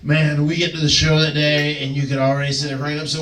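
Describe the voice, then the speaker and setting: A man on a podcast telling an animated wrestling story, chuckling and slipping into other people's voices. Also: a little high, fast, few pauses, slight background noise. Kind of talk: casual storytelling. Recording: echoey, distant mic, faint background ambience.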